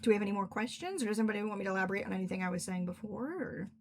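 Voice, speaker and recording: With a slight hiss or hum behind her, a young woman races along in a steady, mid-range voice. She is an author hosting a casual Q&A livestream indoors at home while in cosplay, and she answers in a chatty, rambling way heavy with "like" fillers.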